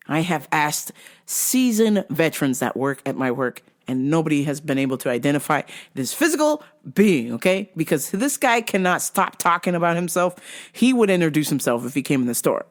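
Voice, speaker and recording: A woman's voice: deep voice, normal speed. A woman in her thirties hosting a podcast, telling a work story casually with lots of profanity and laughter. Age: 30s. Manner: profane, laughs often, animated. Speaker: podcast host.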